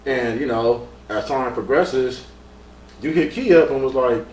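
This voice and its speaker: A man co-hosting a casual podcast interview in someone's home, excitable, often acting out what others said. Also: mid-range voice, a little slow, far from the mic. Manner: excitable, animated, acts out quoted dialogue. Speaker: podcast co-host. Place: guest's home. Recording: roomy echo, off-mic, faint background hum.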